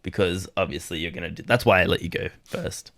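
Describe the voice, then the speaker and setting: A young man with a fairly low voice, co-hosting a podcast. He chats casually and rambles, with plenty of fillers, and sounds dry and close to the mic. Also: a little fast, fairly bright tone, no echo. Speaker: podcast co-host. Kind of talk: casual chat.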